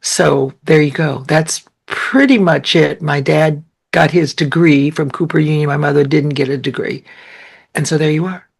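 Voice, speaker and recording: A woman's voice: low voice, steady tone, normal speed, vocal fry, husky. An older woman, born in New York and raised in Boston, chatting as an interview guest and telling family stories with the odd whispered aside. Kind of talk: casual conversational storytelling.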